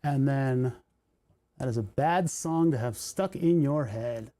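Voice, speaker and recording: A man's voice: mid-range voice, slow pace, mellow. Rambling man chatting while soldering. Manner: rambling, joking asides, thinking aloud. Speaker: livestream host building electronics. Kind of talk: casual livestream chat while soldering.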